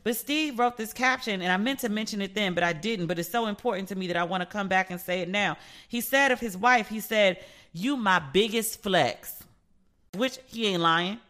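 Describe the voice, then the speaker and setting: A woman's voice: medium pitch, moderate pace, fairly bright tone. A woman hosting a casual solo podcast, telling stories in a playful, chatty way and acting out the voices of the people she quotes. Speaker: podcast host.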